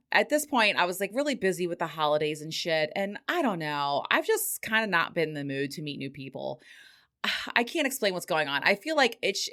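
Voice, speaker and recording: A woman's voice: on the low side, bright, forceful tone. A middle-aged woman hosting a podcast, telling a story casually and swearing freely, with frequent laughter. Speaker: podcast host.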